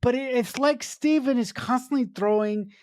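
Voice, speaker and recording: A woman's voice: on the high side, normal speed, darkish tone, no echo, clean studio sound. A woman co-hosting a podcast, breaking down a film in casual chat, ranting with swearing and stumbling over fillers. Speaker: podcast co-host.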